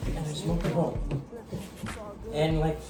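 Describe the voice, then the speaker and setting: A man spins a rambling, foul-mouthed story in a relaxed smoke session, getting loud and laughing as he goes. He sits a little away from the mic in an echoey room, with music playing clearly behind him. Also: fairly high pitch, slow pace. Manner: animated, swearing, laughing through stories. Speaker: guest. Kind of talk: casual storytelling. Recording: roomy echo, distant mic, music behind.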